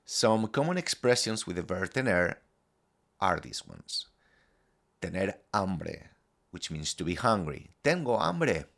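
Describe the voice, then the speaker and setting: Man, Spanish teacher, low pitch, animated delivery, scripted lesson, careful modelling of phrases. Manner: clear, deliberate modelling of phrases for repetition.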